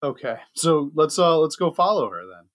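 A man's voice: fairly high pitch, sing-song, moderate pace, fairly bright tone, no room sound, studio quality. A man playing in a tabletop role-playing game, talking casually and a little hesitantly. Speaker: player. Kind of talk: casual chat.

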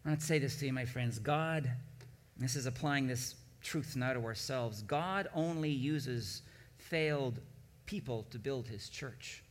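A man preaching a sermon as pastor, building from quiet reflection to emphatic, rising peaks. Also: medium pitch, unhurried, in a large hall.

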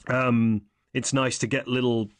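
A man's voice: medium pitch, level tone, unhurried. A young man co-hosting a casual film review chat, rambling and correcting himself with wry asides. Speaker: podcast co-host.

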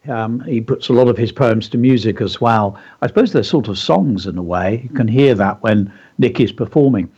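A man's voice: mid-range voice, moderate pace, hardly any pauses, a little mellow, breathy edge, muffled recording. A male radio host teaching creative writing, talking in an enthusiastic, explanatory way with frequent fillers. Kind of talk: instructive radio talk.

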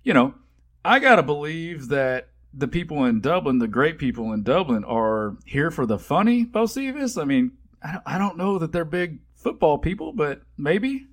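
A man's voice: on the high side, sing-song, normal speed. A man co-hosting a podcast, talking in an eager, joking, casual way. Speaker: podcast co-host.

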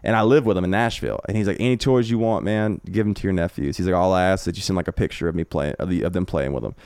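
A man talking quickly through loose, profane stories in a lowish, smooth voice. He is recorded in a home podcast room with a close, dry mic. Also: darkish tone, no echo. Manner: rapid, rambling anecdotes with frequent profanity. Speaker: guest comedian. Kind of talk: casual podcast storytelling.

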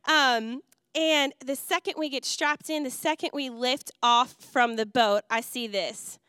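High bright woman pastor telling a fun story in a sermon, smooth clear voice, dry sound. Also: measured pace, no room sound. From Wisconsin. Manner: lively storytelling with laughs and acted quotes. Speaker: youth and missions pastor. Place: church auditorium.

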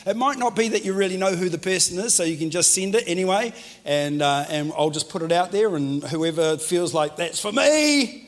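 NZ pastor, chatty sermon, a bit high-pitched, talks straight to the crowd. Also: male voice, fairly quick. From New Zealand. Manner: chatty and joking, addresses the crowd directly. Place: church hall with congregation.

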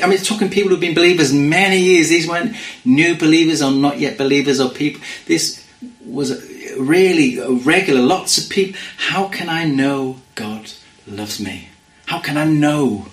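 A man preaching a sermon in an earnest way, dropping to a hush when he quotes scripture. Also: a little high, roomy sound, rough recording. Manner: earnest, drops to hushed quoting of scripture.

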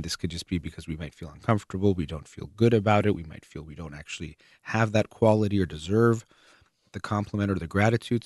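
A man with a very low voice talks through ideas calmly and methodically, pausing now and then on a filler. The sound is close and dry, with no room around it. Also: no room sound. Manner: calm, measured, explaining step by step with occasional fillers. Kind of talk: explanatory talk on relationships.

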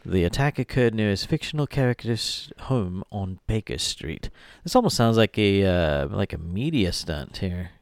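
A man's voice: fairly low pitch, animated, moderate pace, hardly any pauses, no echo, clean studio sound. A man co-hosting a podcast, reading news stories aloud and joking between them in casual chat. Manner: jokey, reads headlines aloud with asides. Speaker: podcast co-host.

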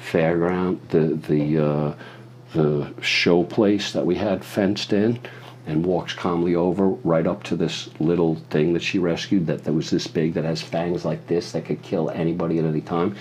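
Brief: low-voiced male guest, profane rambling storyteller, loose and chatty. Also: darkish tone, a little hiss or hum. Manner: profane, meandering, acts out other people's voices. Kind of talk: rambling anecdote in conversation.

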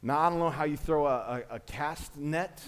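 Pastor, male, 40s, high voice, casual preaching style that calls on the congregation. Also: moderate pace, smooth. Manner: conversational preaching with call-and-response. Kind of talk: sermon. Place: church sanctuary.

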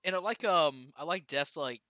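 Bright, lively male podcast guest. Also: on the high side, normal speed, dry recording. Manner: laid-back, laughs often. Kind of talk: casual chat.

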